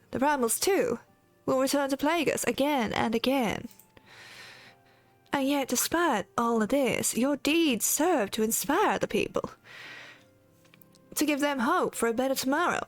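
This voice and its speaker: A woman's voice: sits high, measured pace, no room sound, faint music behind. A woman voicing a grave, stately woman leader in a put-on Southern drawl, reading game dialogue aloud. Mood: earnest. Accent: put-on American Southern. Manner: earnest, stately speech.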